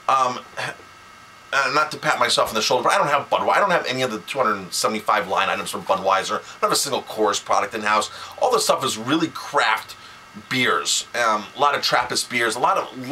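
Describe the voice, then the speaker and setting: A chef and restaurant owner talking straight to camera, animated and exasperated, often restarting his sentences. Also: medium pitch, a little hiss or hum, rough recording. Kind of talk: casual to-camera rant.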